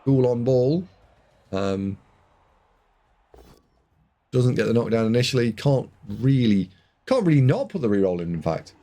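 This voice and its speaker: A man casting a video game match, excitable, jumping from loud shouts to muttered asides. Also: medium pitch, unhurried, pauses often. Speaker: game caster.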